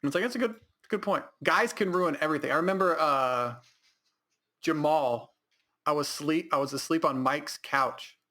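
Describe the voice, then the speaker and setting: Young guy from sacramento on a podcast, kinda high bright voice, rambly and laughing a lot. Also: normal speed. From Sacramento area, California. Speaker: podcast co-host. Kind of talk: casual chat.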